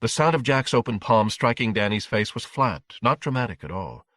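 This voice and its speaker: Male audiobook narrator, low, dry close sound, steady pacing. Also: moderate pace, no room sound.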